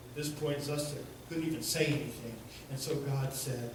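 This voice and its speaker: A man preaching, telling a story in an unhurried, halting way, recorded in a church. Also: mid-range voice, fairly even intonation, noisy background. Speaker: pastor. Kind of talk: sermon storytelling. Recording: echoey church from far off.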